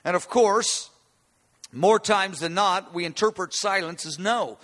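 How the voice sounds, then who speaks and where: A man preaching a sermon in a high, bright voice. He teaches from scripture in an easygoing, conversational way, often restarting his phrases. His voice rings out with a long hall reverb. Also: unhurried.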